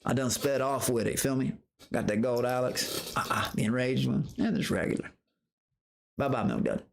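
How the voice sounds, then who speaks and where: A man streaming live, telling a story in a profane, animated rant, breaking into high outbursts and greeting viewers from chat. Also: moderate pace, gravelly. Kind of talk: casual livestream rant.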